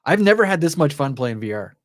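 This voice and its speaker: A man's voice: a little high, fast, no room sound. Man, podcast co-host, casual gamer chat, effusive, salty language, dry close sound. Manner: excitable and effusive, swears freely. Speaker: co-host of a VR gaming show.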